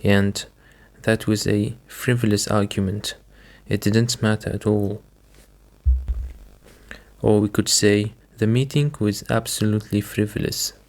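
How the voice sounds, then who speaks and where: Slow, low-voiced English teacher. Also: male voice, steady tone, a little mellow. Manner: patient, repeats each word slowly.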